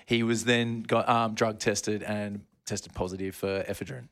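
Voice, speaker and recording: A man's voice: fairly low pitch, little pitch movement, measured pace, fairly bright tone, smooth. A man co-hosting a casual sports podcast, telling a long story in a rambling way and laughing at his own slips. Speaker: podcast co-host.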